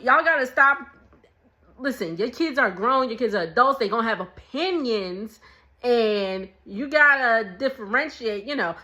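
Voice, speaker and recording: A woman's voice: fairly high pitch, pushed and bright. A young woman hosting a reality TV recap. She talks casually and animatedly, often mimicking the people she describes.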